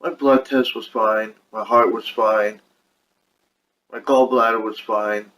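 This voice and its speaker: A man's voice: lowish voice, steady tone, takes it slowly, fairly bright tone, rough recording. A young man venting about his health in a frustrated, rambling way, talking casually to camera at home. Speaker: vlogger. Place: at home with his dog on his lap.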